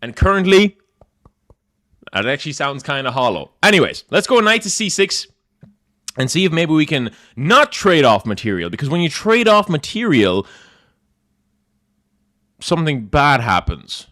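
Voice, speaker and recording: A man's voice: fairly high pitch, sing-song, moderate pace, long pauses, bright, forceful tone. A young man talking through his chess moves on a live stream in a loose, casual way. He jokes, brags in mock grandeur and pokes fun at himself. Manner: joking, mock-boastful, self-mocking.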